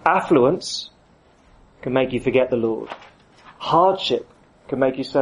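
A man's voice: medium pitch, animated, measured pace, slightly rough. A man preaching a sermon, acting out the voices of the people he quotes.

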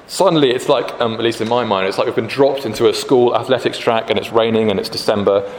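A man's voice: medium pitch, steady tone, quick pace, hardly any pauses. A British man preaching a sermon in a conversational way, with frequent fillers and restarts. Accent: British English. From Britain. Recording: echoey hall, faint background noise.

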